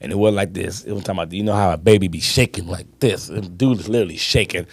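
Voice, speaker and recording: A man's voice: low-pitched, husky, no room sound, studio quality. A man, co-hosting a casual sports podcast and talking emphatically with plenty of swearing. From Chicago. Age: 50s. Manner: emphatic, swearing, drawn-out storytelling. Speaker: podcast co-host.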